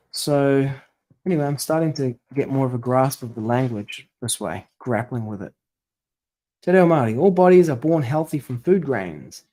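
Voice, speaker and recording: A man presenting a scripture study works through a translation aloud, musing tentatively over each word and correcting himself. His voice is fairly high in pitch with a dark tone.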